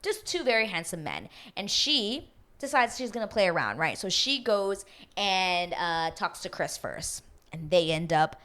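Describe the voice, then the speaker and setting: Chatty woman vlogger with a lowish voice. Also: big pitch swings, moderate pace, fairly bright tone. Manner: chatty and gossipy, with many asides and tag questions. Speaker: recap vlogger. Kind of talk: casual chat.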